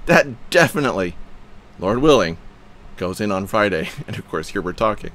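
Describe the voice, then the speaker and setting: A man hosting a Christian podcast, reading his own written rant aloud with asides, emphatic and preachy, quick to laugh at himself. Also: on the low side, lively intonation, a bit bright.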